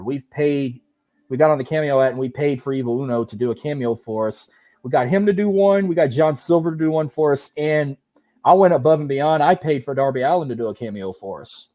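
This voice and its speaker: Man with a dark, mellow voice. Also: a little high, no echo. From Louisiana. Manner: animated, rambling, self-correcting. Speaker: podcast host interviewing. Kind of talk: casual chat.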